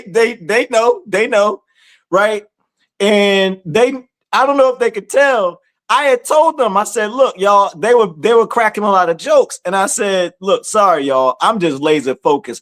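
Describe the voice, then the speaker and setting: A man hosting an online community chat, telling stories in a teasing, laughing, animated way. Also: high voice. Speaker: community study host. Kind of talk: casual livestream chat.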